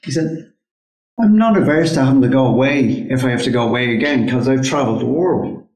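A man's voice: mid-range voice, a little fast, a little mellow. A man in his forties from Ireland in a casual podcast chat, blunt and insistent, swearing freely. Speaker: podcast co-host. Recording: echoey room.

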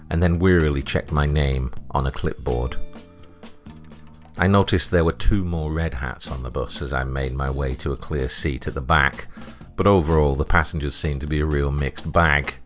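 A man with a British accent narrating a first-person story in a dry, deadpan way. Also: rumbling low, normal speed, faint music behind. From Britain.

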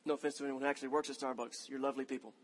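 A man's voice: mid-range voice, flat delivery, very fast. A man in his thirties preaching a sermon, telling a story about himself in a conversational, self-mocking way. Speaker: pastor. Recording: long hall reverb.

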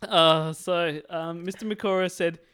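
A man's voice: on the high side, steady tone, a little slow, a bit bright, clean tone. A man co-hosting a casual comedy chat, reading out a news story with quotes and breaking into laughter and swearing. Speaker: podcast co-host.

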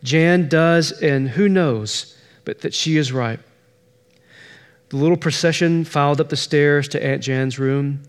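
A man's voice: on the high side, a little slow, clear, resonant tone. A man preaching as pastor, telling a story and pressing its point with emphatic repetition. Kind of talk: sermon.

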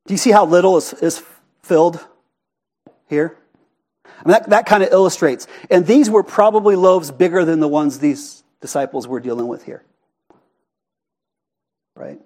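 A man with a notably high voice delivers a sermon in a church. He keeps it conversational and animated, often pausing to ask the congregation questions. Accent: Arizona. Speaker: pastor. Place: church sanctuary.

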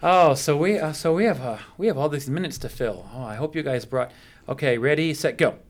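A man's voice: a little high, brisk. A middle-aged man hosting a radio show in a studio, chatting playfully with guests and using many fillers. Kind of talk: casual radio interview.

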